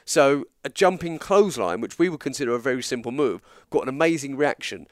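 With a mid-range voice and a fairly quick delivery, a man from England spins a long story in casual conversation as a guest. He animatedly performs the quoted dialogue of each character, and the studio-quality audio has no room sound.

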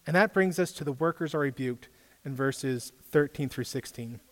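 A man's voice: medium pitch, normal speed, long reverb tail. A man giving a casual sermon as a youth pastor, chatty, quizzing his listeners with questions. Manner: conversational, quizzes the audience. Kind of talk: casual preaching.

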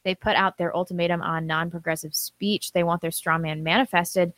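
A woman's voice: on the low side, flat delivery, a little fast, fairly bright tone, no room sound. A woman co-hosting a live-stream talk show, reading viewer comments aloud and chatting casually. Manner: reads superchats aloud, chatty with fillers.

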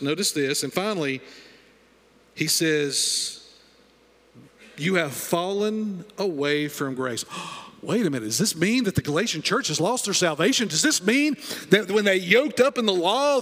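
A pastor with a fairly high male voice preaches to his congregation, pressing points home by repeating phrases. His voice rings with the long reverb of a church sanctuary. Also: a bit bright. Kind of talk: sermon.

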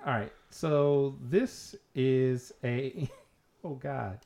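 A man's voice: medium pitch, drawn-out words, creaky, mellow. A man co-hosting a podcast in casual chat, teasing and joking and fussy about grammar. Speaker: podcast co-host.

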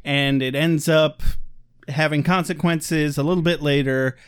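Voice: medium pitch, fairly even intonation, clear, resonant tone, dry recording, studio quality. A podcast co-host recapping a TV episode in casual, joking chat. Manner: joking, playful, quick to laugh.

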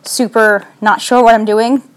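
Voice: medium pitch, level tone, unhurried, smooth. A young adult vlogger talking into a phone in a casual, anxious, rambling way. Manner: anxious, rambling, self-deprecating.

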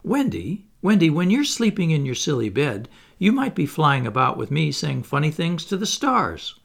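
A man's voice: a little high, moderate pace, gravelly, pitched above the performer's own voice, full character voice. Peter Pan, a man voicing a coaxing flying boy. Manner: lively, coaxing. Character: eager boastful boy who flies.

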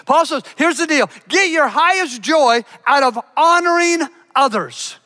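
An older man preaching a sermon as a pastor, swinging between emphatic lines and hushed ones. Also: very high-pitched, lively intonation, measured pace. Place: church.

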